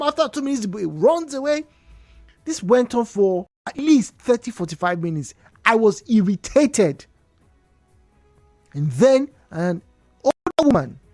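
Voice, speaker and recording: On a radio call-in talk show, a Nigerian woman with a voice on the high side spins stories with lively, emphatic repetitions. She speaks into a studio microphone in a radio studio, and there's no echo.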